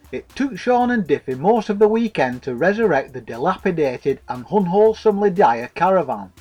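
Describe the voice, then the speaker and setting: A man's voice: on the high side, a little mellow, poor audio. A man narrating a comic story in a wry, profane way.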